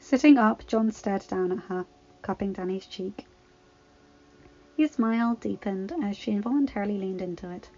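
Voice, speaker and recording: A woman reading fan fiction aloud in a calm, even storytelling voice. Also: medium pitch, moderate pace, lo-fi sound. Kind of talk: storybook narration.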